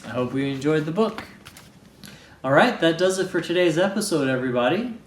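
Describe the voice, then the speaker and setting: A man reading a children's picture book aloud, slow and playful, doing voices as he goes. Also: roomy sound, a little hiss or hum. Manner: slow, expressive, playful read-aloud with lively pitch. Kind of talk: storybook read-aloud with voices.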